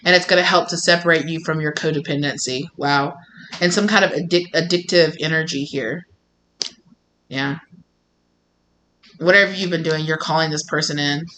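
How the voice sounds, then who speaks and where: A woman's voice: sits low, moderate pace, long pauses, a little hiss or hum, rough recording. A woman doing a tarot reading in casual, rambling talk full of fillers, now and then acting out what people say. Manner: rambling, animated, with many fillers and acted-out quotes. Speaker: tarot reader.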